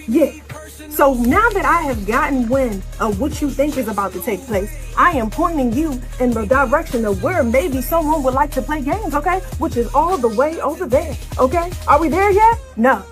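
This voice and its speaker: A woman's voice: high voice, animated, normal speed, soft background music. A woman hosting a live stream, giving a sassy, taunting monologue in a sing-song way and often tagging lines with "okay?".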